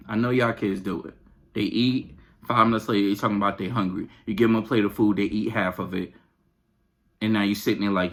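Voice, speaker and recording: A man's voice: lowish voice, steady tone, moderate pace, a bit bright. A man hosting a podcast, venting in a casual, exasperated, slangy rant. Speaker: podcast host.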